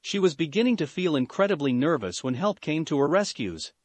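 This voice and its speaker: A man narrating a fan-fiction story in an expressive, animated reading. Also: on the high side, brisk, dry recording.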